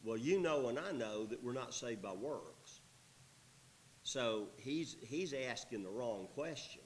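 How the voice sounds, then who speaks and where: A man's voice: mid-range voice, animated, measured pace, slight background noise, low-quality recording. A man teaching through a Bible passage, reading verses aloud and then explaining them in an easygoing, conversational way.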